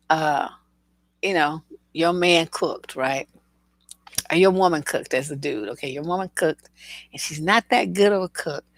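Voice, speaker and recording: A woman's voice: low-pitched, a bit bright, dry recording. A woman relationship coach telling stories in casual commentary, laughing through her anecdotes and talking bluntly with profanity.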